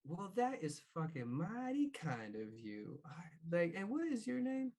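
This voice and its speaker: A man's voice: high voice, huge pitch swings, unhurried, warm tone, pitched above the performer's own voice, heavily acted. Man doing brash foul-mouthed shopkeeper woman. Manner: drawling, swears casually.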